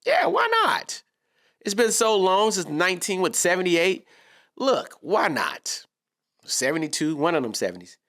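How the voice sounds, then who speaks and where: A man's voice: fairly high pitch, a bit bright. A man giving a casual, slangy sports reaction monologue, talking straight to his viewers.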